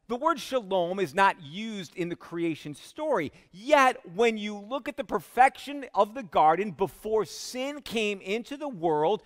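A man preaching a sermon as pastor, slow and emphatic, dropping to a hush on key words. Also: sits high. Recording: long hall reverb.

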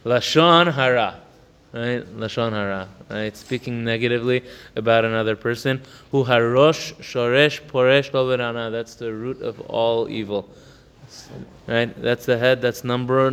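A man teaching a religious text. He reads Hebrew passages quickly, explains them in English in a chatty way, and often asks "right?". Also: medium pitch, smooth, big-room sound. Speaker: Torah teacher. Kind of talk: text study lesson.

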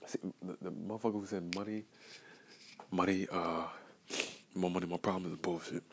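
A young man from Georgia with a deep, low voice talks alone on his podcast in a raw, profane ramble. He drifts between quiet muttering and sudden loud outbursts. A faint hum of the room sits behind him. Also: fairly even intonation, normal speed, rough recording. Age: young adult. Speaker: podcast host. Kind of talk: raw solo podcast monologue.

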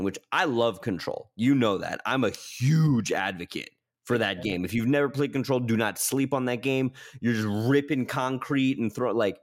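A man co-hosting a gaming podcast in casual chat, excitable and quick to act out little scenes. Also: mid-range voice.

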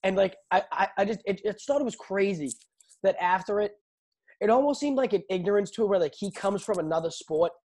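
A young man hosting a casual chat about fights, animated and laughing, often restarting his sentences. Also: sits high, a little fast. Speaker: podcast host.

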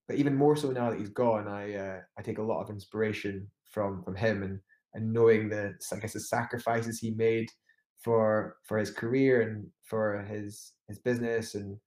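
Homme écossais au récit hésitant, pièce sonore. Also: male voice, on the low side, darkish tone, echoey room. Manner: rambling with many restarts and fillers. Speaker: climber guest. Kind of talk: casual interview storytelling.

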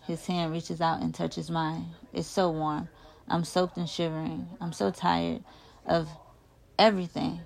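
A woman reading a first-person novel aloud in an expressive, emotive way, getting louder on the shouted lines. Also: lowish voice, unhurried, gravelly. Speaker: audiobook reader.

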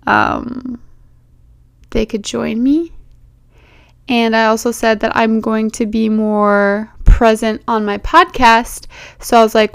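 A woman's voice: medium pitch, smooth. A young woman hosting her own podcast, chatting playfully and directly to listeners as their bestie, recorded as a phone voice memo. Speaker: podcast host. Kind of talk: casual chat.

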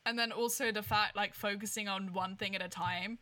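A woman's voice: medium pitch, steady tone, fairly quick, a loud crowd. A woman hosting a podcast interview, encouraging her guest and drawing lessons out of the guest's story in a casual way. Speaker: podcast host.

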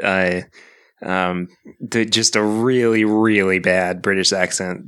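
A man's voice: low voice, steady tone, takes it slowly, a bit bright, clear, resonant tone. A man guest on a podcast, laid-back and teasing, laughing often in casual chat.

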